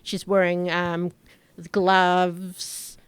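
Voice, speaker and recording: A woman narrating a tabletop game as game master, describing scenes slowly with halting fillers. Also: on the low side, completely flat delivery, clean tone, no echo.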